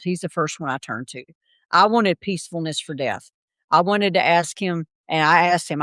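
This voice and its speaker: A woman's voice: on the low side, dry recording. A middle-aged woman, a podcast guest, telling her story in an interview and acting out the voices of the people in it. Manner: animated storyteller, acts out quoted voices.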